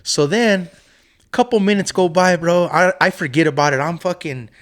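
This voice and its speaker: A man co-hosting a casual podcast chat, telling stories with lots of swearing and loudly acted-out quotes. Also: sits high, moderate pace. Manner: animated storyteller, swears freely, acts out quotes loudly. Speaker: podcast co-host.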